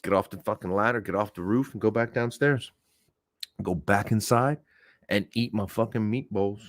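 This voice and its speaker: A man from Oklahoma with a lowish voice, telling stories to his audience in a loose and cheerfully profane way. His voice jumps high whenever he acts out what people said, and the sound is dry and close. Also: normal speed, no room sound. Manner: animated, profane, acts out quoted voices with big pitch jumps. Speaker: podcast host. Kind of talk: casual storytelling to a live audience.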